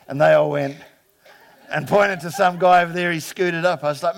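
A high-pitched man in his fifties preaches with emphatic energy. He acts out the voices of the people in his stories and swings from loud declarations to hushed asides. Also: fast, vocal fry. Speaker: pastor. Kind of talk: sermon.

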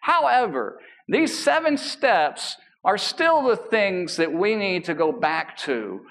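A man preaching a sermon as a pastor, emphatic and animated. He drags out key words for emphasis and slips in casual, joking asides. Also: high-pitched, slow, creaky. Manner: casual asides and self-deprecating humor.

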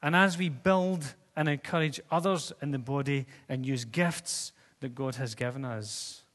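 A man's voice: medium pitch, steady tone, a little slow, fairly bright tone. A man preaching a sermon in a church, talking conversationally and putting questions to the congregation. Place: church hall with seats. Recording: long reverb of a church hall.

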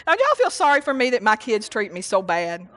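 A woman's voice: medium pitch, huge pitch swings, brisk, a bit bright. A woman preaching a rambling, folksy sermon at a church service, often laughing and saying hallelujah.

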